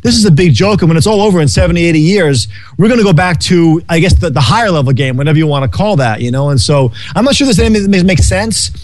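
A man's voice: on the high side, expressive, fast, hardly any pauses, a little mellow, no room sound. A man casually riffing on life and happiness, rambling and swearing freely, laughing often. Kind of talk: casual philosophical chat.

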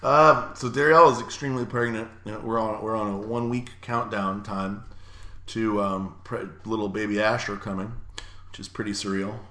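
Young male podcast co-host, joking and profane, bright tone, echoey room. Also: lowish voice, fairly even intonation, moderate pace. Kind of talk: casual chat.

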